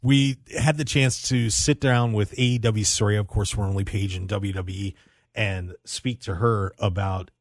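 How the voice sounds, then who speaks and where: A man's voice: fairly low pitch, fairly even intonation, moderate pace, no room sound. Upbeat male radio host, dry studio. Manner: upbeat, joking. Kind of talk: casual radio talk.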